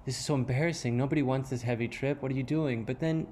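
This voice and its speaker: An older man talking haltingly in an interview, repeating words, close to tears as he speaks. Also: mid-range voice, fairly even intonation, darkish tone, a little hiss or hum. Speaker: interview guest, musician. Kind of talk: emotional conversational interview.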